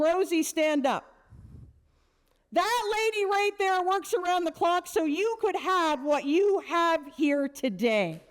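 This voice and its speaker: Woman about 50, high voice, cracking jokes in a big pep talk to teen girls. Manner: brash, joking, punchy storyteller. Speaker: motivational keynote speaker. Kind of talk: energetic motivational speech to teenage girls.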